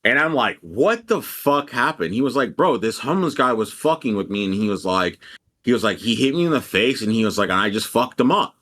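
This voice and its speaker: A man's voice: on the low side, animated, quick pace, fairly bright tone. A young man casually telling a rambling, profane story and quoting people animatedly as a podcast co-host.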